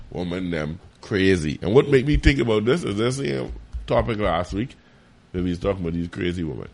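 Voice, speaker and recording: A man telling a story in casual chat, animated and profane. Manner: animated, profane, jumps high when quoting. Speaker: podcast co-host.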